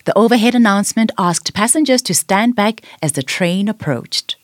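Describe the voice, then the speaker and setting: Expressive woman reading a children's story. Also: medium pitch, normal speed, no room sound, clean studio sound. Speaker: storybook narrator.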